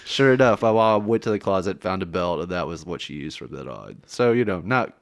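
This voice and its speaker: A man co-hosting a podcast, telling a childhood memory in a halting way, full of "like" and "you know.". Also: low-pitched, animated, gravelly. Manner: hesitant, filler-heavy storytelling. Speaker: podcast co-host. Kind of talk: casual storytelling chat.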